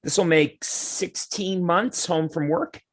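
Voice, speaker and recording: A man's voice: fairly high pitch, takes it slowly. A man, a podcast guest, chatting casually and acting out what other people said as he tells stories. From Canada. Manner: animated storyteller who acts out what others say. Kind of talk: casual chat.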